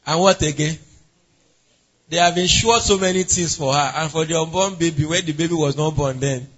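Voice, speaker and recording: Bright-voiced pastor questioning his flock. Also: fairly high pitch, normal speed, dull audio. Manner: asks the congregation questions and calls on members by name. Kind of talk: interactive sermon.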